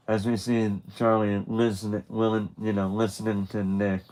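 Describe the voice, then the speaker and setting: A man's voice: on the low side, level tone, measured pace, hardly any pauses, darkish tone, poor audio. A man narrating a graphic novel aloud on a live stream, casual and chatty, with restarts and asides. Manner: loose and chatty, with restarts and laughter.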